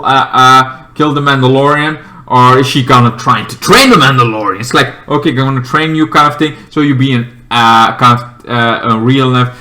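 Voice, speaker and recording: A man reviewing a TV episode in a casual, rambling way, full of fillers and restarts, sometimes bursting into loud acted-out lines from the characters. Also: medium pitch. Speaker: TV show reviewer.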